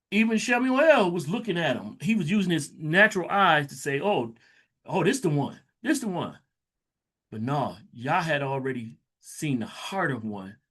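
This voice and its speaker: A man reading scripture aloud slowly and stopping to explain it in loose, conversational asides, like a Bible teacher. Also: fairly high pitch, fairly bright tone. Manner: reads verses slowly, then breaks into loose conversational asides. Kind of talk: scripture reading with casual commentary.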